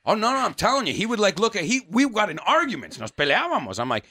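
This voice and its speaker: A man hosting a radio show in casual bilingual chat, telling stories animatedly and acting out quotes. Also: fairly quick. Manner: animated storytelling, acting out quotes with big pitch jumps. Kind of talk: casual bilingual chat, switching between English and Spanish. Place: radio studio.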